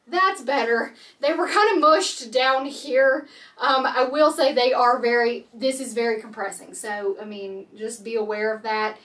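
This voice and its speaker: A woman's voice: a little high, a bit bright, distant mic. A woman vlogger from Canada chatting candidly and jokingly through a try-on clothing haul, recorded a little off the mic. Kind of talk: casual try-on haul chat.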